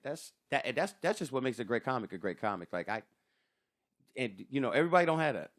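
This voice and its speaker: A man's voice: mid-range voice, very animated, fast talker, a bit bright. A man, a stand-up comedian, talking in a loose, swearing podcast chat and acting out other comics' voices. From Sacramento area, California.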